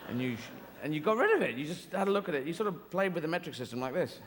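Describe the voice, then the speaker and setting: A man's voice: medium pitch, animated, fast talker, crowd noise. A man doing stand-up comedy on a theatre stage, rambling through whimsical tangents with frequent restarts. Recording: echoey live theatre hall with ambient noise.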